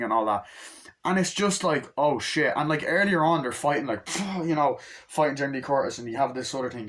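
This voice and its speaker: Young man, casual phone-recorded movie rant; eager, profane, acts out lines mid-sentence. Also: mid-range voice. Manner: excited, swears a lot, acts out scenes with quick voices. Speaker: movie reviewer. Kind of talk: casual rambling movie review.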